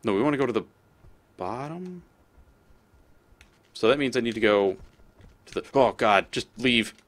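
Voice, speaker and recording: A man's voice: medium pitch, lively intonation, normal speed, fairly bright tone. A man giving casual gameplay commentary as a let's play host; he swears often and talks back at the creatures on screen.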